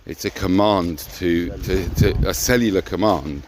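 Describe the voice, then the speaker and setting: A man's voice: low voice, a little slow, noisy background. A man in a reflective conversation who talks hesitantly, often repeating words and restarting. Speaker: co-host of a personal growth talk.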